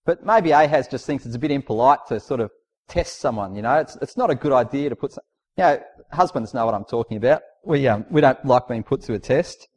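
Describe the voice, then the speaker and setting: A man's voice: mid-range voice, lively intonation, a little fast, a little mellow. A man preaching a sermon in a conversational, emphatic way, posing rhetorical questions and reading out scripture.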